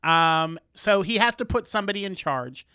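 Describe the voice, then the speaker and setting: A man's voice: high voice, lively intonation, normal speed, bright, forceful tone, clean tone, no room sound, clean studio sound. A man co-hosting a casual chat podcast, recapping a show in a chatty, playful way. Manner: chatty, recaps plots with playful quoted voices. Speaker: podcast co-host.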